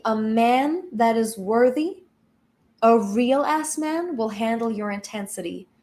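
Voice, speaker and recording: A woman spiritual coach giving an emphatic, blunt motivational talk with casual swearing. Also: a little high.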